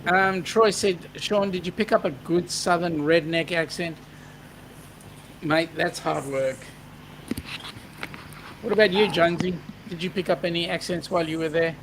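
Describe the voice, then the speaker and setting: A man's voice: on the high side, fairly even intonation, moderate pace, pauses often, noisy background. An Australian man hosting a casual live-stream chat, reading out viewer comments and joking along. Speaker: host.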